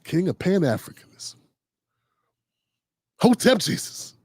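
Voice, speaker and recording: Middle-aged guy ranting casually on a livestream, pretty high voice, dry close sound, slangy and animated. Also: slow pace, husky, dry recording. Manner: loose, animated, riffing with slang and quoted voices. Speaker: host. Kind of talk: casual political commentary livestream.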